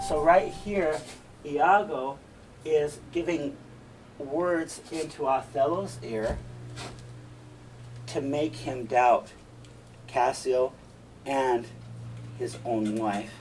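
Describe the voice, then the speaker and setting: A man's voice: medium pitch, very slow, pauses often. A man teaching a play line by line, paraphrasing the lines in casual, emphatic terms. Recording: distant mic, faint room noise.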